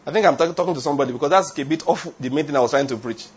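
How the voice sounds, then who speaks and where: A man's voice: fairly high pitch, racing, breathy edge. A man preaching a sermon, emphatic, asking the congregation rhetorical questions and drifting into tangents. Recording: dull lo-fi sound.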